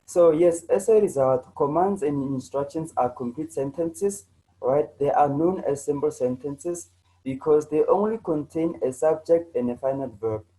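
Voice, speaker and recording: A man's voice: a little high, moderate pace, dark tone, poor audio. A man teaching an online grammar lesson, repeating himself and checking in with students as he goes. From South Africa. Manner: repetitive, restarts often, checks in with "right?" and "you know".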